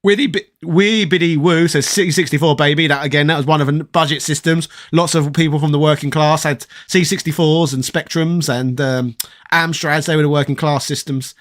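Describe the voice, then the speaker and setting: A man's voice: fairly high pitch, fairly even intonation, normal speed. A man of around forty, from southeast London, hosting a casual livestream in a put-on posh English accent, reading chat and giving opinions with plenty of swearing. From southeast London, England. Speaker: host reading live chat.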